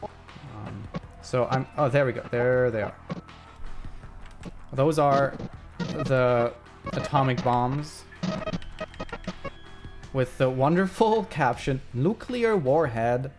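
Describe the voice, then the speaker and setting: A man's voice: mid-range voice, takes it slowly, long pauses, music in the background. Rambling man thinking aloud while editing. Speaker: video essayist live-streaming his editing. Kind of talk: casual live stream commentary.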